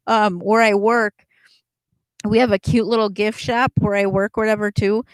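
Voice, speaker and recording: A woman's voice: mid-range voice, fairly even intonation, measured pace, no echo. A middle-aged woman hosting a casual livestream chat, rambling as she answers viewers and laughing often. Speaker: livestream host chatting with viewers.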